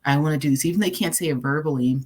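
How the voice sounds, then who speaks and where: Speaking at a racing pace, a woman with a deep voice and darkish tone delivers a recorded life-coaching presentation. Her manner is earnest and conversational as she reads out affirmations, with the odd repeat and filler.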